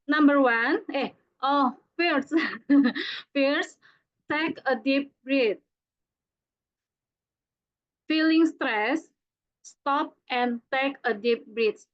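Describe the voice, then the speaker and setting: A woman with an Indonesian accent speaks slowly in a high voice, hesitating often. She presents over a video call with dull, lo-fi audio. She sounds like a learner working through a second language. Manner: hesitant, many fillers. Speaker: student presenter.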